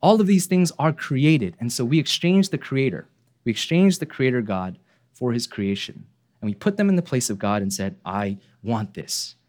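Lively, earnest male preacher. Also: normal speed. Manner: earnest, asks rhetorical questions and drops low for emphasis. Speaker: pastor. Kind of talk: sermon.

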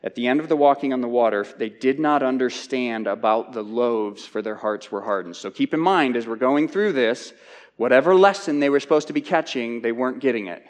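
A man's voice: medium pitch, a little fast. A man teaching through a Bible passage in a conversational sermon, often repeating words as he restarts his thoughts. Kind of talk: expository sermon. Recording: long hall reverb.

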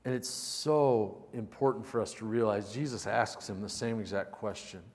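A man preaching a sermon as a pastor, animated, shifting between loud emphatic bursts and soft, intimate passages. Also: lowish voice, long reverb tail.

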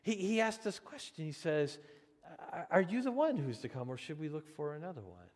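A pastor preaching in a lively, conversational way, his voice rising and falling often. He restarts phrases as he talks to his congregation. The sound rings with long reverb from a large church hall. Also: fairly high pitch, brisk. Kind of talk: sermon.

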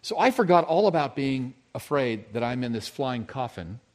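A male pastor giving a sermon, telling a personal story, moving between loud emphasis and hushed, intimate moments. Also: mid-range voice, very animated, normal speed.

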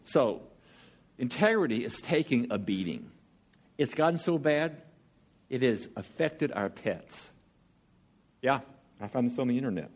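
Animated Southern preacher man. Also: mid-range voice, unhurried, long pauses, husky. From Georgia, US. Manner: chatty, animated, joking storyteller. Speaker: guest preacher. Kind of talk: sermon with jokes.

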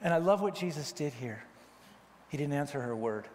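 A man delivers a sermon in a high, bright register, and his words trail off into a long hall reverb. He is from Wyoming, jokes with the congregation and jumps into animated impressions of the people he quotes. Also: brisk, a little hiss or hum. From Wyoming, United States. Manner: animated, joking, acts out quoted voices. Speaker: pastor.

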